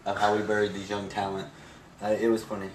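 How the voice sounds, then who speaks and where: A man's voice: on the low side, monotone, quick pace, far from the mic. A man co-hosting a casual chat, recapping events in a rambling way with lots of fillers. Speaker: podcast co-host. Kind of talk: casual chat about wrestling. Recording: echoey room, off-mic, faint noise.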